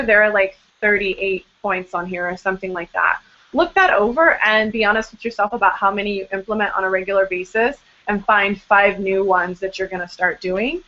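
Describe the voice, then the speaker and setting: A young woman coaches bloggers during a live online hangout, chatty and upbeat, full of fillers and little self-deprecating jokes. Her voice sits at an everyday middle pitch. The sound is slightly dull and muffled, as on a video call. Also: a bit bright. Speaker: blog coach hosting a live Q&A. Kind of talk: casual live webinar advice.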